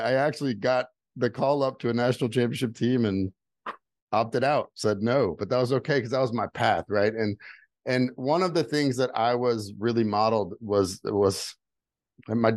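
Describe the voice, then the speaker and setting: A man's voice: medium pitch, normal speed, a little mellow, no echo. Earnest middle-aged man, dry close sound. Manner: earnest, candid, repeats phrases for emphasis; builds to emphatic, rising delivery when giving advice. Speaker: guest. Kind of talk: personal storytelling, motivational talk.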